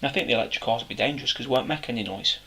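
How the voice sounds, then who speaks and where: A man's voice: mid-range voice, racing, bright, forceful tone. A man from England with an East Midlands accent, chatting with his bandmates and making blunt, enthusiastic quips. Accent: East Midlands English. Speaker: band member co-hosting a podcast. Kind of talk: casual banter among bandmates.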